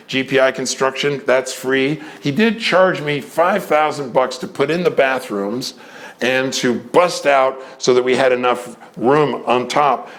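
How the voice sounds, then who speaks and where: Male storyteller who runs a community theater, mid-pitched, animated, does the quoted voices. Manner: animated, acts out the other people's lines in changing voices. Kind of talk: anecdotal storytelling.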